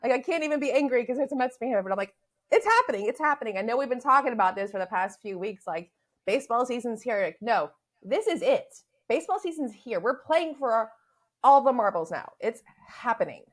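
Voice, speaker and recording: A woman co-hosts a casual podcast, talking very quickly in a fairly high voice. She is bubbly and animated, with many a "like" thrown into her stories. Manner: bubbly, animated storyteller, says "like" often. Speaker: podcast co-host.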